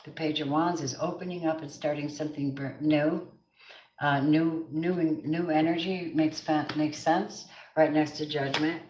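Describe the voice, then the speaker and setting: A woman's voice: low voice, fairly even intonation, normal speed, darkish tone, reverberant, slight background noise, rough recording. A middle-aged woman giving an emphatic live tarot reading, chatting with her viewers by name. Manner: emphatic, repeats affirmations. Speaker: tarot reader. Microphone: camera mic on a live stream.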